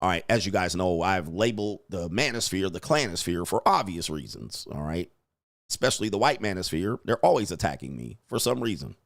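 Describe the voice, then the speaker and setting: A man's voice: low-pitched, big pitch swings, fairly quick, gravelly, no room sound, studio quality. A man hosting a casual commentary show, joking and laughing at his own lines as he rambles. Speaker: commentary show host and dating coach.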